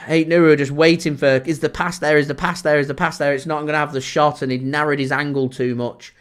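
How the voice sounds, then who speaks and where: A man calls a football match live for his fan channel's watchalong. His voice sits high for a man. He shifts quickly from steady play-by-play into shouting and laughing disbelief. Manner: excitable, shouts and laughs in disbelief at big moments.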